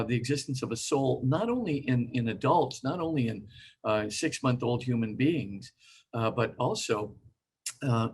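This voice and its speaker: An older man giving an informal lecture, halting with many fillers and sometimes acting out quoted voices. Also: medium pitch, husky.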